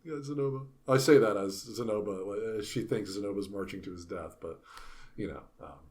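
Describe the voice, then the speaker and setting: A man co-hosting a casual book discussion, animated, dropping into playful voices when he retells scenes. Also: lowish voice, fairly quick. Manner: animated, puts on character voices when quoting. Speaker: podcast co-host.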